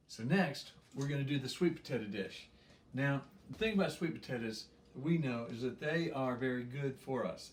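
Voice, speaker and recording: A medium-pitched man presents a laid-back cooking demonstration at home, wandering through the recipe with plenty of chuckles and "um"s. The recording has slight background noise and a roomy feel from the far-off mic.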